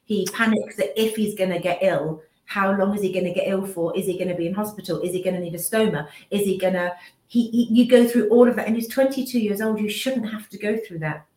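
A woman's voice: mid-range voice, steady tone, fairly quick, dark tone. A woman in her fifties giving a candid, emotional personal account in an interview, often restarting her sentences and acting out what others said. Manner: emotional, restarts sentences, acts out remembered speech. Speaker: business owner and mother, interview guest. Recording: roomy echo.

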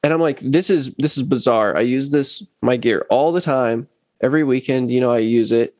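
A man tells a story in casual chat and slips into other voices for the quotes, his pitch jumping up and down as he goes. His voice is mid-pitched and dry, recorded close with little room sound. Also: moderate pace, dry recording. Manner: animated, acts out quotes of others. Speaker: bass player telling a story.

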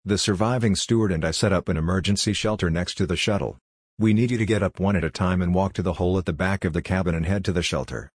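A man reading the part of a calm, logical female android who is helping crash survivors, in a level, matter-of-fact way. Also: sits low, fast talker, slightly rough, dry recording, studio quality. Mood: instructive.

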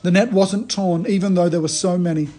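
Guy with a high voice preaching casually, tells it like a story, keeps restarting his sentences. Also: brisk. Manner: animated storytelling, frequent restarts. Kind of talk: conversational sermon.

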